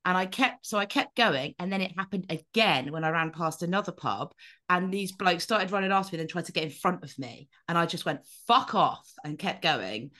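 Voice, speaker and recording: Podcast co-host: woman, lowish voice, animated and sweary. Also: fairly quick. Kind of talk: casual chat.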